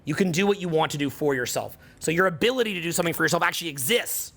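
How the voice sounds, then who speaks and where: Man, Canadian accent, fairly high voice, middle-aged, preachy seminar coach, repeats for emphasis. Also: expressive, racing, gravelly, bright, forceful tone. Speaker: social skills coach. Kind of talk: motivational seminar talk.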